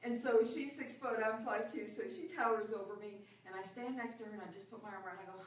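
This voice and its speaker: A middle-aged woman telling a personal story to a group in an animated way, laughing often and acting out the voices in it. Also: medium pitch, quick pace, slight background noise. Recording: echoey room, mic far off.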